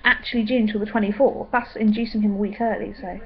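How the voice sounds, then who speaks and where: A young woman chatting in a rambling way with many pauses and ums. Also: medium pitch, steady tone, muffled recording. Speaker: vlogger. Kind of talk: casual pregnancy update vlog.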